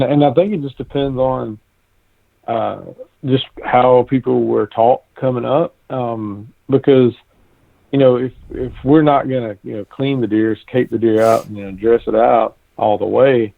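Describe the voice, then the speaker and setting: A man's voice: medium pitch, gravelly, no echo. Easygoing Southern man on a tinny phone line. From American South. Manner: drawling, easygoing storyteller with many restarts. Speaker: guest hunter. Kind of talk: casual live-stream conversation.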